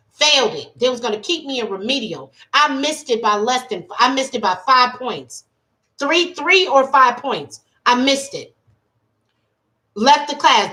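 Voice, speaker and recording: A woman's voice: on the high side, bright, forceful tone. A woman life coach reading tarot on a casual livestream, talking emphatically and colloquially, with plenty of repetition. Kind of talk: casual livestream talk and storytelling.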